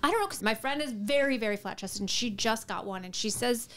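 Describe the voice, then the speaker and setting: A woman on a podcast panel who chimes in with short, quick quips. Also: on the high side, animated, a bit bright. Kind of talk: casual chat.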